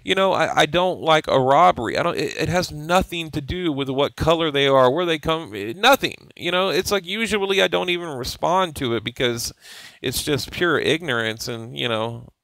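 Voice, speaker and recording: A man's voice: fairly high pitch, moderate pace, creaky, a bit bright, no echo. Guy ranting about a fight, swears a lot, keeps restarting, dry close sound. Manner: blunt, profane, repeats words and restarts. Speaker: boxing show host. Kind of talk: casual commentary over fight footage.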